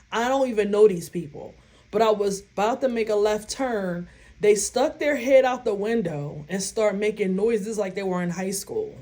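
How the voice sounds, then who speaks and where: Woman vlogger talking straight to viewers, animated and blunt, swears freely, acts out her reactions. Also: medium pitch. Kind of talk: casual storytelling to viewers.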